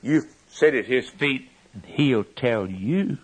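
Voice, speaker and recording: A man preaching a sermon with fervent delivery, swinging from loud emphasis to hushed lines. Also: medium pitch, animated, slow, husky, low-quality recording.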